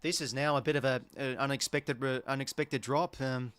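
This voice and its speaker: An Australian man hosting a live football watch-along, talking as an excitable, sweary fan who reacts to each play. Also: medium pitch, moderate pace, clean tone. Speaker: host.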